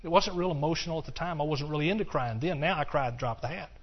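An older man giving a personal testimony sermon, earnest and repetitive, dropping to hushed stretches and rising into passionate bursts. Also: a little high, fast, a little hiss or hum. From Texas. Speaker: preacher. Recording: dull lo-fi recording.

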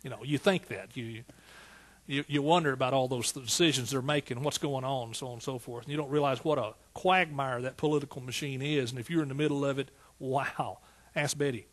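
A man with an East Texas accent preaching a sermon in a folksy, animated way, full of rhetorical questions. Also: mid-range voice, fairly quick. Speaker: pastor.

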